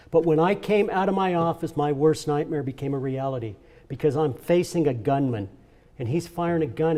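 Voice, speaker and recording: Slightly high and mellow, this older man's voice carries an earnest, emotional speech as the honoree at a charity event. He tells personal stories from the heart, repeating himself along the way.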